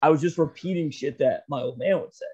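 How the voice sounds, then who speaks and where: A man tells a rambling story on a podcast, swearing freely and breaking into laughs. His voice sits a little high for a man. The audio is dull and lo-fi. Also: fast talker, darkish tone, breathy edge. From Philadelphia area. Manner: rambling, profane, laughs often. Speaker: podcast co-host. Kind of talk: casual storytelling chat.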